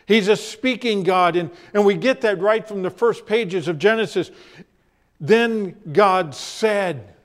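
A man preaching a sermon as pastor, telling stories with deliberate, dramatic pauses. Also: high-pitched.

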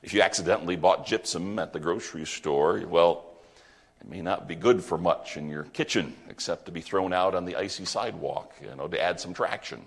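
A man's voice: deep voice, a little fast, creaky. A man preaching a sermon, earnest and emphatic, sometimes stumbling over his words. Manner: earnest, emphatic, with fillers and wide swings in loudness. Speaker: pastor.

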